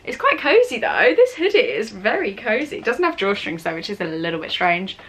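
A woman's voice: mid-range voice, very animated, a little fast, a little hiss or hum. A teenage girl with an English accent, chatting through a casual Q&A vlog, giggly and rambling as she goes off topic. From England. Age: teens. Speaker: vlogger. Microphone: camera mic with ring light setup.

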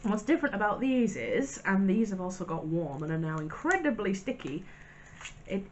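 A woman in a casual vlog, reviewing sweets and crisps in a chatty, wry way with little asides. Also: mid-range voice, expressive, normal speed, a little hiss or hum. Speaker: vlogger.

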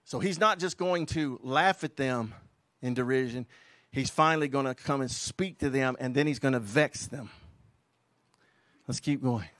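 A man preaching a fiery, emphatic sermon as a pastor and quoting scripture forcefully. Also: mid-range voice, normal speed, no room sound.

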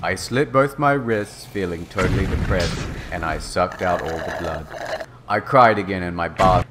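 A man reading fan fiction aloud in a deadpan, mock-serious comedic style. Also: low voice, measured pace. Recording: narration clip with background noise.

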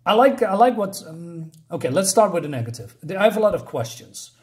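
A man's voice: high voice, big pitch swings, a little fast. A man casually recapping and reviewing a comic book, rambling with frequent fillers and self-corrections.

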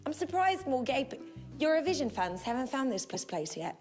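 A bumbling, self-important Eurovision spokesperson, played by a woman, chirpy and clueless in a comic mock travel report. Her voice runs high and swoops widely, with music playing underneath. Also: sing-song, brisk, darkish tone.

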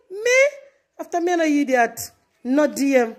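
A woman's voice: sits high, normal speed. Defiant Jamaican woman speaking broad patois. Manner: defiant, mocking, emphatic. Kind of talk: casual ranting.

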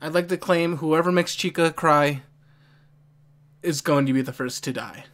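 An excitable anime reaction host in casual commentary, often laughing and talking back to the screen. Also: mid-range voice, normal speed.

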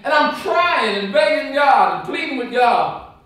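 A man preaching a sermon as an evangelist, telling a folksy personal story with lively, acted-out voices. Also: very high voice, unhurried. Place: church sanctuary. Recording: echoey church, mic from a distance.

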